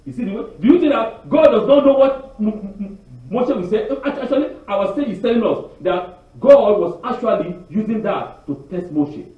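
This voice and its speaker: A man preaching a sermon on the weekly Torah portion, animated, asking the congregation rhetorical questions and often repeating and restarting words. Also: high-pitched. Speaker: congregation teacher. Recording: very echoey, distant, dull lo-fi.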